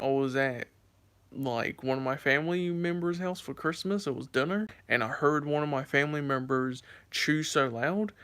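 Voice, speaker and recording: A man's voice: fairly bright tone, smooth. A young man chatting casually to camera, rambling through stories with lots of fillers. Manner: voice jumps high and squeaky when acting out scares. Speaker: vlogger.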